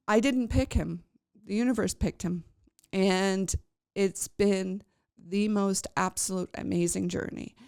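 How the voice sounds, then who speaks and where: A woman's voice: mid-range voice, darkish tone, smooth, dry recording, studio quality. A woman podcast host telling a personal story in a chatty, rambling way, with many fillers and restarts.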